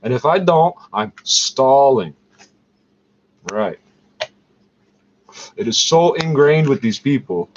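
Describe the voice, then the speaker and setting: A man's voice: fairly high pitch, expressive, unhurried, long pauses. Profane ranting Canadian man, in pain. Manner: heated, profane, rambling. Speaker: vlogger. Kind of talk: angry ranting monologue. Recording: dull lo-fi recording with faint noise.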